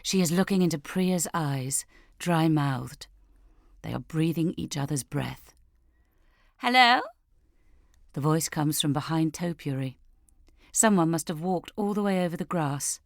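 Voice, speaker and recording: A woman narrating an audiobook in a measured, deliberate way. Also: deep voice, darkish tone, dry recording, clean studio sound. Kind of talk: scripted narration.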